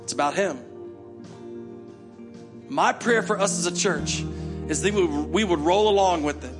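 A male pastor preaching a sermon with passion, acting out prayers in quick repeated bursts. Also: high voice, over music.

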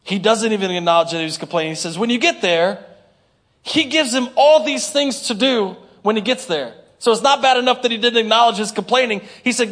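A male pastor preaching a sermon, animated, acting out complaining prayers and drawing responses from the congregation. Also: high voice, brisk. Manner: talks straight to the congregation with call-and-response.

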